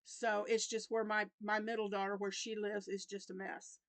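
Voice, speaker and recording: Speaking at normal speed with little movement in her medium pitch, a Southern American grandmother in her fifties chats to camera. She's a crochet vlogger wandering through the events of her week, restarting her thoughts, in a dry recording.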